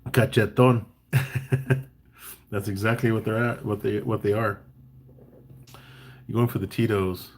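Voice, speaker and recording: A man hosting a casual live-stream chat. He talks in a relaxed, chatty way, reads out viewer comments and gives tips between bits of banter. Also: fairly low pitch, measured pace, pauses often. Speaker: barbecue caterer and live chat host.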